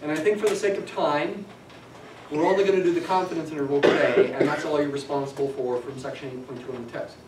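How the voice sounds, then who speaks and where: A man's voice: a little high, steady tone, fast, far from the mic, a crowd in the background. Chatty male lecturer in an echoey classroom. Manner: chatty, digressive, dry humor. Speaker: statistics lecturer.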